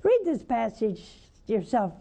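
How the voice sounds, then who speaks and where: A nun leads a devotional broadcast and takes calls from viewers. Her voice is very dark and mellow, set a little high, and she speaks unhurriedly. She leans into emphatic highs, then falls back to hushed, tender asides. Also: huge pitch swings, gravelly, lo-fi sound. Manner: slow, emphatic, rising to fervent highs then dropping soft. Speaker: nun hosting a call-in show. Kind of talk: devotional teaching and call-in counsel.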